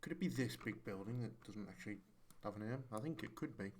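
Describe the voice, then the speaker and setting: A man's voice: on the low side, lively intonation, fast talker, a little hiss or hum. A man giving casual, jokey commentary while playing a game, swearing and muttering to himself. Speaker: gaming creator.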